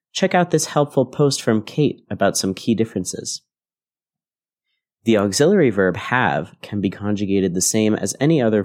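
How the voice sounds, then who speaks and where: A man hosting an English-learning podcast as a teacher, reading a scripted grammar lesson in a clear, measured way. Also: fairly low pitch, a little mellow. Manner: clear, measured explanatory delivery.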